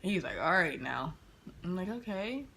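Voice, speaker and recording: Young woman vlogger, animated slangy storyteller, bright tone. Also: lowish voice, normal speed, a little hiss or hum. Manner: animated, slangy retelling with quoted dialogue. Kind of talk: casual storytime. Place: indoors near a street, car noise outside.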